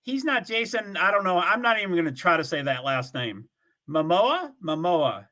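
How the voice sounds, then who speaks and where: A man's voice: sits high, brisk, pushed and bright. An older man hosting his own livestream, chatting in a rambling, casual way, full of fillers and frequent chuckles. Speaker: livestream host. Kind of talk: rambling casual chat to viewers. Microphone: streaming setup, from home.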